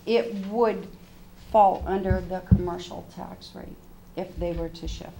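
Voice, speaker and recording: A woman's voice: lowish voice, steady tone, unhurried, creaky, dark tone, a little hiss or hum. A woman who is losing her voice, a town assessor explaining things step by step at a public meeting in a town hall.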